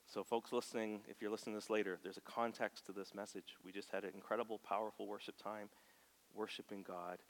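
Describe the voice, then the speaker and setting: A man preaching a sermon in a church. He moves from soft, near-whispered lines to loud, passionate bursts and acts out quoted voices. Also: lowish voice, level tone, fast. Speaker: pastor. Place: church sanctuary. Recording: long hall reverb.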